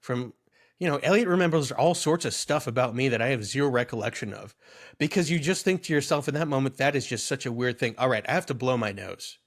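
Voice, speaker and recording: A man in his thirties, voice sitting right in the middle of the usual range, chatting loosely as a podcast co-host. He wanders from one anecdote to the next, getting animated and amused as he goes. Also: mid-range voice, quick pace. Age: 30s. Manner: rambling storyteller, amused and animated. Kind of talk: casual chat.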